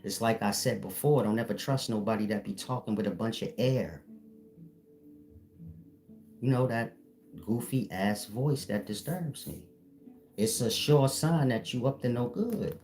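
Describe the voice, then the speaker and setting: A man acting as a spiritual teacher, lecturing his viewers bluntly in a firm, defined voice with no softness. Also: medium pitch, a little slow, long pauses, soft background music. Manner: blunt, lecturing, scolding the audience. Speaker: self-styled spiritual teacher. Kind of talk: preachy solo monologue to viewers.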